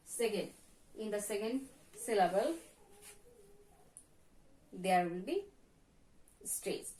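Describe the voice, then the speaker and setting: A female teacher with a Bangladeshi accent gives a slow lesson in a medium-pitched, animated voice, speaking extremely slowly and pausing often. She drills pronunciation by repeating each word several times. The recording comes from far off in an echoey room.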